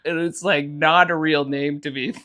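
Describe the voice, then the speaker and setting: A man's voice: a little high, steady tone, normal speed, sharp tone. A man co-hosting a podcast in casual chat, laid-back and tossing in dry quips. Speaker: podcast co-host.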